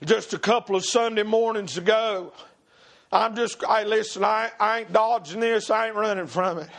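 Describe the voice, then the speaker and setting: A preacher whose voice sits unusually high for a man. He preaches with fire to his congregation, rising to shouts and then dropping to an urgent, pleading hush. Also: moderate pace. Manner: impassioned, swings between shouting and hushed pleading. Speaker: pastor. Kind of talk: fiery revival sermon. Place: church sanctuary before a congregation.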